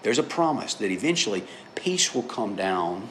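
A man's voice: fairly low pitch, big pitch swings, moderate pace, a bit bright, slight background noise. A middle-aged man preaching a sermon in a conversational, storytelling way, often checking in with his listeners. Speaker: pastor.

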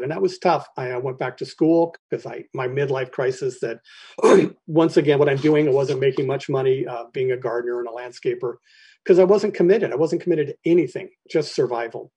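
A middle-aged man telling his personal recovery story to a meeting, halting and candid, often clearing his throat between phrases. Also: medium pitch, dark tone.

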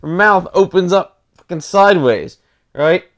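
A man telling a dirty joke to friends, dropping to a low mumble for the quoted lines. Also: lively intonation, unhurried, fairly bright tone.

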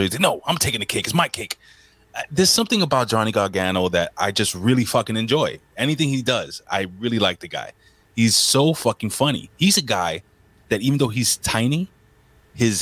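A man co-hosting a wrestling review podcast, talking casually with lots of swearing and animated banter. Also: lowish voice. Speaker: podcast co-host.

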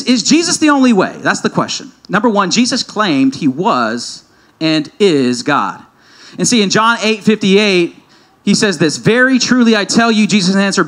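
A man with a high-pitched voice preaches to a congregation in a church hall. He talks in a loose, conversational way, firing questions at the room and often circling back to restart his sentences. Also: a bit bright. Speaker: pastor. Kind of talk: sermon.

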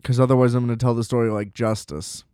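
A man's voice: medium pitch, level tone, fast, mellow, clean tone, no echo, studio quality. A man co-hosting a casual movie podcast. He rants with a lot of swearing and laughs at his own complaints. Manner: ranting, profane, laughing at his own gripes. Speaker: podcast co-host.

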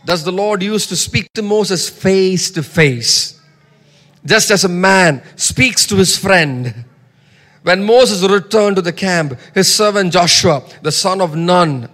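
High-voiced emphatic male preacher. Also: lively intonation, takes it slowly, big-room sound. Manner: emphatic, swings between soft asides and loud scripture reading. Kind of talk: sermon.

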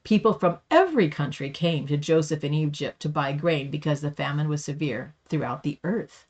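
A woman reading Bible passages aloud for a Bible study, steady with small slips. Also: low-pitched, normal speed, highs cut off. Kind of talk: scripture reading.

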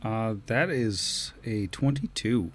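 A man's voice: fairly low pitch, slow, soft background music. A man serving as game master, plainly reading out monster defenses and abilities with frequent filler words. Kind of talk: running a tabletop game, reading monster stats.

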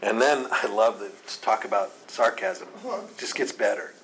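A man with a fairly low voice and moderate pace goes verse by verse through a Bible chapter, with a little hiss or hum in the background. He keeps things conversational and animated, mimicking the speakers' lines sarcastically and laughing.

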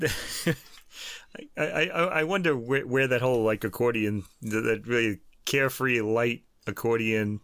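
A man's voice: mid-range voice, a little slow, a bit bright, no room sound. A man co-hosting a podcast in casual chat, laughing easily and stumbling through French titles with many restarts. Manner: laughs often, lots of restarts. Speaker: podcast co-host.

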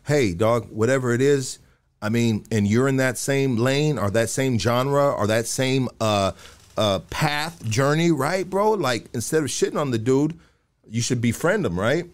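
A man's voice: mid-range voice, a little slow. A man hosting a podcast in casual chat, talking streetwise slang and swearing a lot. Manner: streetwise slang, swears a lot, calls people "dog" and "bro". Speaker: podcast host.

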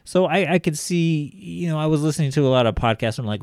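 A man's voice: on the high side, lively intonation, quick pace, vocal fry, hardly any pauses, a little mellow, no room sound, clean studio sound. A man in his thirties co-hosting a casual chat, rambling with lots of filler words. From Los Angeles area. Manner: rambling, heavy on fillers like "like" and "you know". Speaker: podcast co-host.

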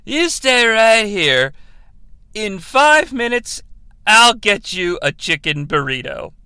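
A man's voice: high-pitched, big pitch swings, slow, sharp tone, clear, resonant tone, no room sound, studio quality, full character voice. A man doing a cocky drunk loser. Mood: flirting.

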